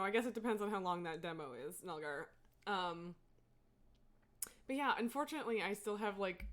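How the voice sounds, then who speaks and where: A woman's voice: medium pitch, a bit bright. Rambling, giggly woman streamer. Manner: rambling, filler-heavy, laughs often. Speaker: livestreamer. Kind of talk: casual gameplay chat.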